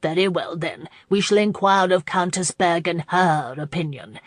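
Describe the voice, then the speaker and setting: A woman's voice: lowish voice, moderate pace, dry recording, clean studio sound, lightly acted. A woman voicing a fussy, prim elderly society matron who insists on her wedding plans in a storybook reading.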